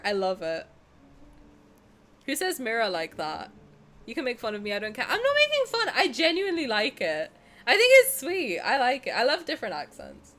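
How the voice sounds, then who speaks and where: A woman's voice: medium pitch, big pitch swings, moderate pace, fairly bright tone, slight background noise. A young Southern English woman streaming a game, chatting casually in a bubbly, giggly, self-mocking way. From South of England.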